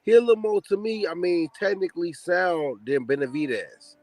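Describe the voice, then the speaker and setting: A man co-hosting casual boxing talk, halting and repeating himself as he thinks aloud. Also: high voice, crowd noise. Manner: loose, halting, repeats words.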